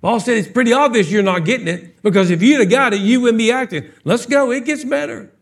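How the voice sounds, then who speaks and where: A man preaching a sermon to his congregation in a church, animated and joking, firing off rhetorical questions. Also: very high-pitched, brisk, vocal fry. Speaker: pastor. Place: church sanctuary, live service.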